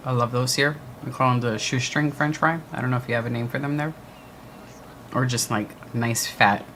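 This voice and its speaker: A man's voice: mid-range voice, fairly bright tone, a little hiss or hum. A man co-hosting a livestream watch party, chatting casually and answering viewer comments. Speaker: livestream co-host. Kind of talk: casual chat with live chat.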